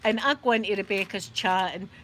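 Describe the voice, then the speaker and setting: A Scottish woman, a YouTube live streamer, chats casually to her live audience from a rocking chair at home, rambling and laughing often. Her medium-pitched voice is fairly bright and a little fast, with a little hiss or hum in the recording.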